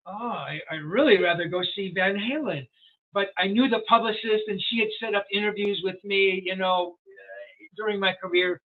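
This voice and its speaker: Older male journalist guest, high voice, tinny call audio, rambling anecdotal storyteller. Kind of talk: storytelling interview. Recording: tinny phone-like sound.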